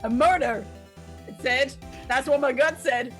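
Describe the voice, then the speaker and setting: A woman's voice: high-pitched, measured pace, faint music behind. A woman voicing a nosy, pushy female photographer with a put-on southern accent, in a fan dub of a game. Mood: brash. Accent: put-on American Southern. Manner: pushy, loud, stubborn. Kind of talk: fan voice acting of a game playthrough.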